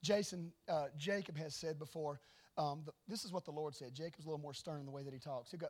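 Animated high-voiced male preacher. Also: quick pace. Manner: animated, swings from hushed to loud. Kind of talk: sermon with storytelling.

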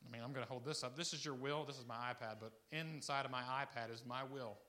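A guest preacher delivers an informal sermon, talking fast in a rambling, conversational style. He restarts and wanders into asides, swinging from loud, excited bursts to quiet, low remarks.

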